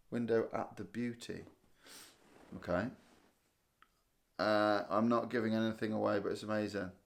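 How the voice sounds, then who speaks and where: Tired, chatty man hosting a live stream. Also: fairly low pitch. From Guernsey. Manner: chatty, rambling, thinks aloud with restarts and small laughs. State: tired, yawning. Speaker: livestream host. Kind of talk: casual live chat reading viewer comments.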